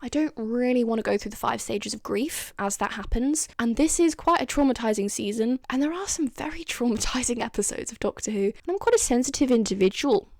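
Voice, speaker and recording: A woman's voice: fairly high pitch, a little fast, creaky, few pauses, a little mellow, no echo. Chatty woman with a dry, close sound. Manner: chatty, laughs often, acts out quoted lines. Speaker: vlogger reviewing TV lines. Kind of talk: casual chat.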